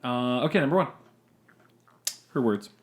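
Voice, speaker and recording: A casual podcast co-host who reads listener ghost stories aloud with hesitant restarts and little asides between lines. His voice sits at an ordinary middle pitch, and his manner is relaxed and conversational. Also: unhurried, a little hiss or hum. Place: podcast recording session with co-hosts.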